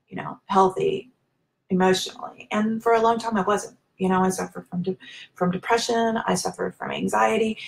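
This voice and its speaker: A medium-pitched woman's voice comes through a low-quality recording as she opens up to viewers on a live video. Addressing them directly as a spiritual self-help speaker, she talks informally and confessionally, with lots of fillers and restarts.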